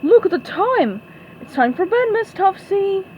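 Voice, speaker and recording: Woman doing a sweet fussy grandma, high cooing voice, sing-songy. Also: sing-song, unhurried, lo-fi sound, slight background noise. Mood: doting. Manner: fussy, cooing baby talk. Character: doting sweet old grandma.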